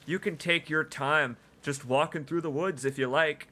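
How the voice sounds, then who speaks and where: A man streaming a video game, commenting excitedly and emotionally, gushing and laughing often. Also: fairly high pitch, normal speed. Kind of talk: let's play commentary.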